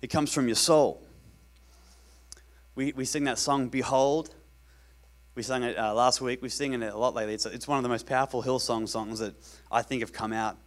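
Male pastor, mid pitch, conversational sermon delivery with repeated lines for emphasis. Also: steady tone, moderate pace.

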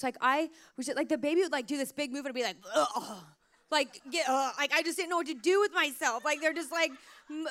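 Woman preaching, kinda high voice, chatty, says like a lot, telling stories. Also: smooth. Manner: warm storytelling, chatty with many "like" fillers. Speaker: pastor. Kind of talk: sermon.

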